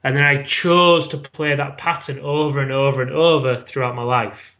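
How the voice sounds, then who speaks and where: A man's voice: medium pitch, fairly even intonation, moderate pace, fairly bright tone. A British man telling a personal story as a podcast guest, frank and swearing freely. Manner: frank, swears freely, acts out his own past words.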